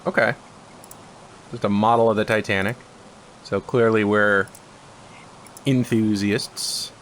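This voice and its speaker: Guy doing a lets play, lowish voice, chatty, noisy background. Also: steady tone, slow, a bit bright. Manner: chatty, reads game text aloud. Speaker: let's-play host. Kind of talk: casual gameplay commentary.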